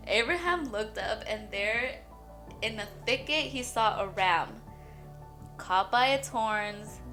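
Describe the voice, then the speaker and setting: A woman's voice: mid-range voice, lively intonation, slow, sharp tone, faint music behind. A young woman sharing an emotional faith testimony in a rambling, chatty way, shaky and near tears at times. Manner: tearful, breaks into shaky laughs and crying; rambling, full of "like" and "you guys". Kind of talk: emotional personal testimony vlog.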